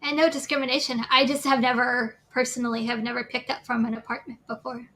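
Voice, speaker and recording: A woman with a New Jersey accent talks on a casual online panel, her voice high and sharp-edged. She is chatty and laughs easily between stories. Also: little pitch movement, quick pace, poor audio.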